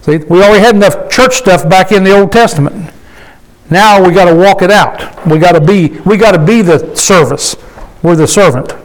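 A man's voice: high voice, moderate pace, poor audio. A man preaching a conversational sermon to a small gathering, folksy and emphatic, often asking the congregation questions. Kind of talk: conversational sermon with call and response.

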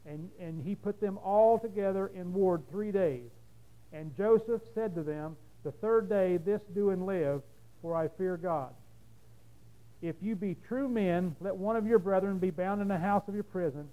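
A man's voice: high-pitched, measured pace, mellow, rough recording. A man preaching, reading a long scripture passage aloud steadily and then explaining it in plain talk.

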